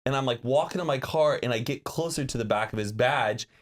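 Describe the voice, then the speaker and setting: A man in his thirties, a podcast co-host, telling a story in casual chat and acting out quotes in a high voice. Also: fairly quick. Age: 30s. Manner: lively, acts out quotes in a high put-on voice.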